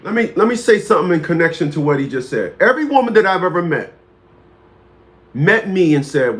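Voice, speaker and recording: A man's voice: sits high, very animated, fairly quick, fairly bright tone. A man in his fifties hosting a talk show, telling a story in a rambling, casual way, repeating words and greeting viewers by name. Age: 50s.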